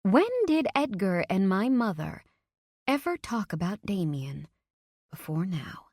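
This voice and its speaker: A woman's voice: mid-range voice, big pitch swings, measured pace, darkish tone, no echo, clean studio sound. A woman reading a first-person romance audiobook, giving the characters' dialogue emotion. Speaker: audiobook narrator.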